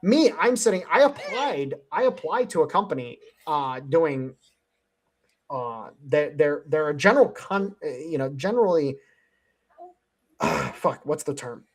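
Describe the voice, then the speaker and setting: In a slightly high, animated but unhurried voice, a Cleveland-area American man hosts a laid-back panel chat via headset. His storytelling wanders, he curses a lot, and he laughs often.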